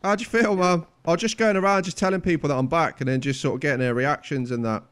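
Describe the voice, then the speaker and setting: Young gamer, somewhat high voice; cheeky, persistent, mock-offended. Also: male voice, fairly even intonation, fast talker, clear, resonant tone. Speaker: gaming YouTuber. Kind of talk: trolling strangers over game voice chat.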